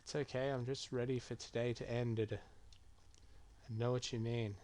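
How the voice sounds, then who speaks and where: A man's voice: mid-range voice, flat delivery, unhurried, a little mellow. A man streaming a game playthrough, muttering and reading chat messages aloud as he reacts. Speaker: gaming streamer. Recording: keyboard typing clearly heard. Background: keyboard clicks and typing.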